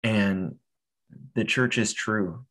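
A man with a very low voice hosts the conversation at an unhurried pace. He speaks gently and hesitantly, often restarting his sentences. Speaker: podcast host. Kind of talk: supportive interview chat.

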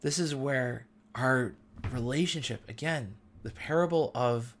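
A man's voice: medium pitch, unhurried. A middle-aged man hosting a casual faith talk, speaking earnestly and with feeling, using loose everyday slang. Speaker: host.

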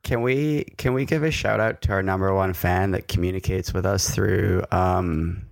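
A man's voice: sits low, fairly even intonation, normal speed, gravelly, dry recording, studio quality. A man co-hosting a casual tech podcast, joking and rambling through restarts. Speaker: podcast co-host. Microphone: large studio microphone.

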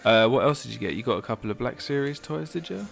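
A man co-hosting a casual podcast, teasing his partner in quick banter and laughing often. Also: medium pitch, expressive, gravelly, a bit bright, faint music behind. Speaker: podcast co-host.

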